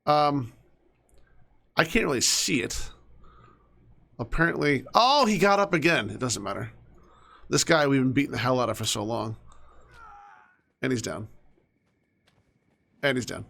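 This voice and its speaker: A young man with a gravelly, fry-edged voice talks his way through a game, chatting casually to the characters on screen. He often drops into soft mutters, then picks back up in a mid-range voice. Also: mid-range voice, lively intonation, measured pace, long pauses. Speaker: gaming streamer. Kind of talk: casual gameplay commentary.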